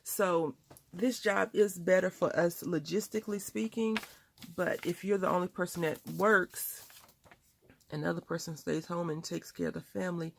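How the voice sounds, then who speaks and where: A woman chatting casually at home, telling a story while crafting, with lively quoted voices. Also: on the low side, moderate pace, creaky, no room sound. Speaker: crafting vlogger.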